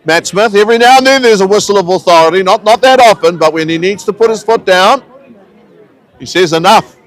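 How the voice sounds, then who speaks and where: A New man calls a local rugby match from the ground, his voice pitched high and his delivery easygoing and conversational. He mixes play-by-play with friendly local asides. A faint crowd murmurs behind him outdoors. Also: expressive, fairly quick, rough recording. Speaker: rugby commentator. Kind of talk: live sports commentary.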